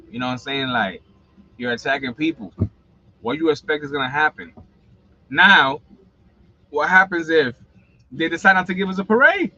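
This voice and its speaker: A man's voice: a little high, moderate pace, pauses often, sharp tone, muffled recording. A man, hosting a casual livestream, rambling and blunt with lots of slang and swearing. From New York. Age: 40s. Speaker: livestream host.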